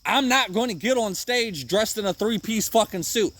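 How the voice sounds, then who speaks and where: A man's voice: sits high, lively intonation, normal speed, a bit bright. A man hosting a podcast, giving a rambling, profane motivational monologue outdoors in the woods in the rain. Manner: rambling and profane, swears often, jokes at himself. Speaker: podcast host.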